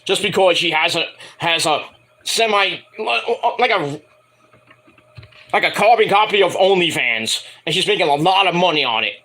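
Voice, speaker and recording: A man reviewing a wrestling show in a casual, rambling rant, swearing freely and mocking people in quick put-on voices. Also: high-pitched, animated, bright, forceful tone.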